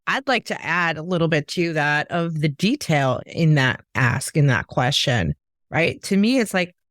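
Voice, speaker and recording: A woman's voice: sits low, animated, unhurried, fairly bright tone, no echo, studio quality. A woman hosting a podcast who chats casually and eagerly builds on her guest's examples. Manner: enthusiastic, builds on the guest's analogies. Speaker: podcast host. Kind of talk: casual interview chat.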